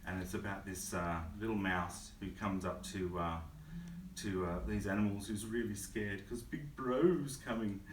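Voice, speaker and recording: A man's voice: low-pitched, unhurried. Chill guy rambling about kids books, lots of ums, echoey room kinda far off. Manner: relaxed, hesitant with fillers. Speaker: children's author. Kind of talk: casual book chat and read-aloud. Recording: roomy distant mic, faint hum.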